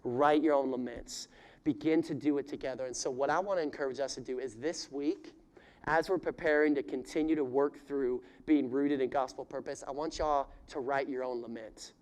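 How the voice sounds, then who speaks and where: A man preaching a sermon as pastor, addressing the congregation directly and voicing prayers in rising, pleading cries before dropping to quiet appeals. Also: mid-range voice, fairly even intonation, normal speed.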